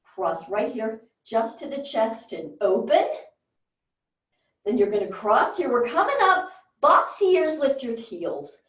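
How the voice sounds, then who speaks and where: A woman's voice: on the high side, very animated, slow pace. A woman leading a workout class, giving short, encouraging movement cues and counts. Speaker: fitness instructor. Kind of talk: guided workout cueing. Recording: roomy, distant and dull.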